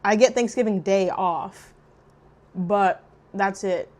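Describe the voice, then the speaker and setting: A young woman chatting casually while eating on camera, loud and profane, jumping between shrieks and low mutters. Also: slow. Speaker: mukbang vlogger. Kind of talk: casual eating vlog chat.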